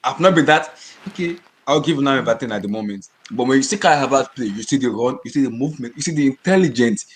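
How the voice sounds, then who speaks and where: A man co-hosting a football podcast, arguing his points passionately, repeating words and shouting in bursts. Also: mid-range voice, quick pace. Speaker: podcast co-host. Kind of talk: heated casual football chat.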